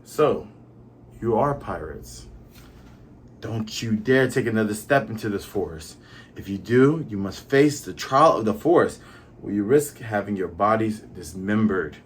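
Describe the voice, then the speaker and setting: A man voicing a hidden male forest guardian who sternly warns intruders away, slightly hushed. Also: lowish voice, unhurried, slight background noise, pitched below the performer's own voice, lightly acted. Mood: threatening.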